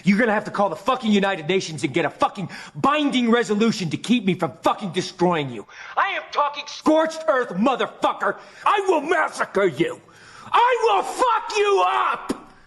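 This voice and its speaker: A man's voice: extremely high pitch, very animated, moderate pace, a bit bright, breathy edge, heavily acted. An actor playing a ruthless, foul-mouthed male movie studio executive who threatens and swears in a film clip. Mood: menacing threats.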